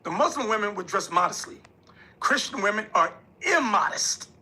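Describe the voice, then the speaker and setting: A man's voice: sits high, very animated, normal speed, sharp tone, husky. A man speaking as a religious leader in an interview, emphatic and preachy, often acting out quoted voices. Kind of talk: interview talk.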